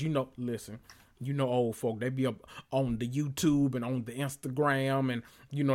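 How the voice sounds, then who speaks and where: A man hosting a podcast, telling stories and recapping reality TV in an animated, slangy, exasperated way. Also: medium pitch. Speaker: podcast host.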